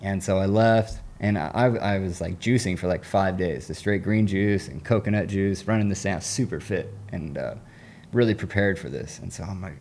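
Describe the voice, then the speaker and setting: A man guesting on an interview podcast as a recovery coach, his voice low and mellow. He talks in an earnest, rambling way, dropping casual slang as he tells a personal story. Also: normal speed, a little hiss or hum.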